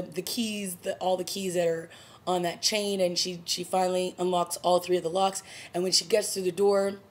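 A woman casually recapping a TV episode, retelling scenes in a chatty, animated way and acting out the characters' lines. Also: lowish voice. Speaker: TV reviewer.

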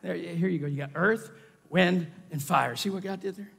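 A middle-aged man preaching a sermon as pastor, swinging dramatically between shouting and whispering. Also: high-pitched, normal speed, gravelly, breathy edge. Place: large church sanctuary. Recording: echoey church hall.

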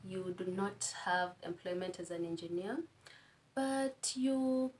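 A woman's voice: fairly low pitch, flat delivery, normal speed. A young woman with a Kenyan accent, chatting as a guest and giving friendly advice, laughing at her own stories. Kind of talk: casual advice-giving conversation.

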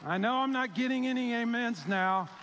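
High-voiced pastor preaching in a reverberant hall. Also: male voice, moderate pace, fairly bright tone, slight background noise. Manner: conversational storytelling, acts out quoted voices. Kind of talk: sermon. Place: church sanctuary.

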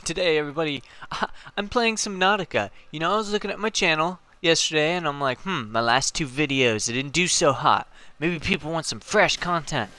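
Man commentating his gameplay, excitable, cracks jokes, sharp tense tone. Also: fairly high pitch, a little fast, few pauses, dry recording. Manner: excitable, jokey, exclaims often. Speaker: gaming channel host. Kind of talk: let's play commentary.

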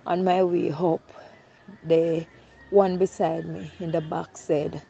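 A Jamaican woman gives her eyewitness account in a mellow, gravelly voice that stays fairly level in pitch. She tells it plainly, drifting into patois as she goes. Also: level tone, takes it slowly, highs cut off, a little hiss or hum. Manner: storytelling, slipping into patois. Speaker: robbery witness.

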